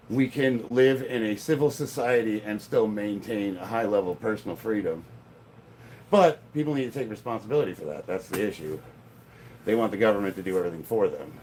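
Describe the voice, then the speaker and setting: A blunt middle-aged man, a strength athlete livestreaming his workout from a home gym, rambles casually and thinks aloud, swearing now and then. His voice is medium-pitched with a darkish tone, picked up by a camera set up across the room, with a little hiss or hum.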